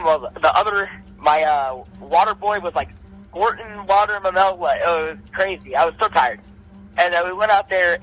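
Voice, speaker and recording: A young man, an amateur boxer, telling his story in casual podcast chat, acting out his punches with repeated sound effects. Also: low-quality recording. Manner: animated, acts out punches with repeated "boom".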